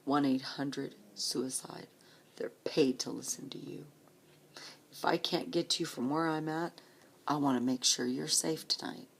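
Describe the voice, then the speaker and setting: A woman in her late forties speaking slowly and softly in a personal vlog, often close to a whisper, holding back tears. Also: sits low, fairly even intonation, vocal fry, breathy edge. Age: 40s. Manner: slow, soft-spoken, often near a whisper, earnest. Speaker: vlogger.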